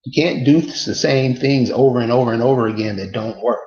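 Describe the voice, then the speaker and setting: A man's voice: mid-range voice, brisk, darkish tone, reverberant, dull audio. A man delivering a casual, emphatic monologue to his viewers, repeating rhetorical questions over and over. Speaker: online commentator.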